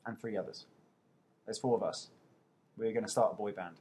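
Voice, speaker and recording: A man's voice: on the low side, moderate pace, mellow, slightly rough. A young man with an English accent, casually answering viewers' questions over a webcam, chatty and poking fun at himself. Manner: chatty, self-mocking, playful.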